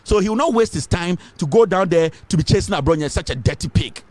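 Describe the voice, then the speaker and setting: A man's voice: high voice, lively intonation, fast, darkish tone. A Ghanaian man giving impassioned political commentary, emphatic and fiery, repeating his points and switching between English and Twi.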